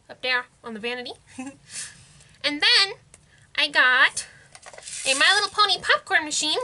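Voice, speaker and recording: A woman's voice: sits high, pushed and bright. A young woman in a casual haul vlog, bubbly and giggly, gushing over toys she found. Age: young adult. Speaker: vlogger.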